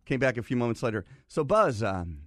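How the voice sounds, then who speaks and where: Animated male show regular spinning an anecdote, voice swooping up and down. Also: medium pitch, a little fast, no room sound, clean studio sound. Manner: animated storyteller acting out other people's lines. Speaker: show regular telling a story. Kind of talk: casual studio chat.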